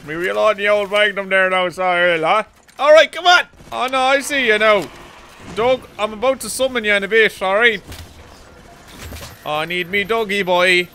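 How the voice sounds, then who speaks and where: A man's voice: high voice, animated, normal speed, pushed and bright, a little hiss or hum. A young man giving rowdy, joking let's play commentary, swearing and bantering at the game. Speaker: gaming YouTuber.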